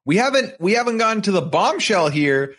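A man's voice: high-pitched, very animated, fairly quick, fairly bright tone. A man co-hosting a podcast over a video call, recapping reality-show events and adding emphatic, outraged commentary. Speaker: podcast co-host.

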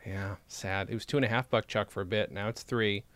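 A man co-hosting a comedy podcast, chatting casually and teasing his co-host with quick jokes. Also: on the low side, steady tone, a bit bright, dry recording.

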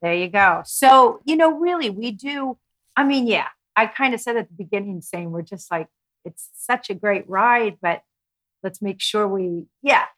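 A middle-aged woman guest on a podcast, speaking in a meandering, animated way about her show. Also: medium pitch, measured pace, poor audio. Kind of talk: casual podcast interview.

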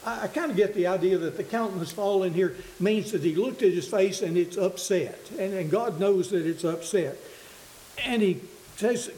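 High-voiced guy giving a sermon, earnest and halting, echoey church hall. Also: warm tone. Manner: earnest, halting, with frequent restarts. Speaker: preacher. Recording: echoey room with faint hiss.

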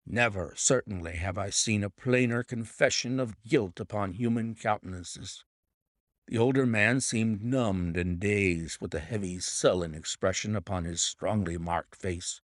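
A man narrating a detective mystery audiobook with dramatic, expressive storytelling. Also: lowish voice, unhurried, dry recording, studio quality. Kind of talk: scripted narration.

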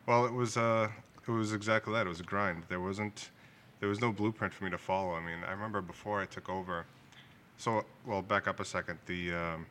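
Fast-talking bright-voiced New England man. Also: deep voice, steady tone, slight background noise. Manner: laughs easily, acts out quoted dialogue. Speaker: liquor store owner, guest. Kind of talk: casual interview storytelling.

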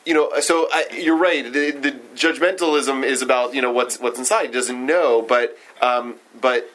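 A man at middle pitch leads a casual study group, thinking aloud as he talks. He keeps stopping to restart his sentences and fills the gaps with ums. Faint room ambience sits behind his voice. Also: steady tone, fairly bright tone, slight background noise, poor audio. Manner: halting, many fillers and restarts. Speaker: discussion leader.

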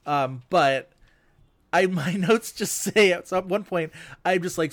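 A man's voice: high-pitched, a little slow, fairly bright tone, no room sound. A man chatting on a movie podcast, gossipy and full of asides. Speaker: podcast co-host. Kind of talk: casual movie podcast chat.

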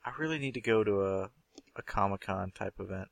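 A man's voice: lowish voice, a little fast, vocal fry, no echo. A young man co-hosting a casual podcast, rambling and joking crudely. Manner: rambling, laughs often, crude jokes. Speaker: podcast co-host.

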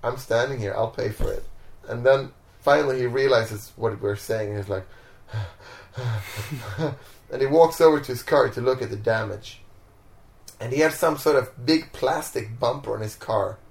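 A man's voice: mid-range voice, moderate pace, gravelly, roomy sound. A man from Sweden, a street performer, telling stories in a casual interview at home, laughing often and acting out the people in them. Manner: laid-back, laughs often, acts out people in his stories. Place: home, indoors.

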